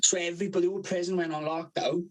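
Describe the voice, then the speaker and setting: Sweary storytelling man, fairly high voice. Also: level tone, fast, darkish tone, low-quality recording. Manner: swears constantly, laughs at his own stories. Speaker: podcast co-host. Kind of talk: casual storytelling.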